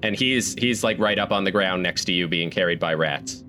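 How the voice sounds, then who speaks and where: A man's voice: low-pitched, moderate pace, bright, forceful tone, soft background music. A man running a tabletop game as game master, narrating with fillers and frequent laughter.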